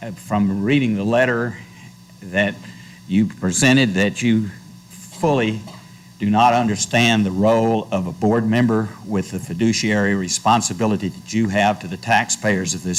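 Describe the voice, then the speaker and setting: A man's voice: lowish voice, poor audio. An older man making a pointed, indignant public comment at a school board meeting.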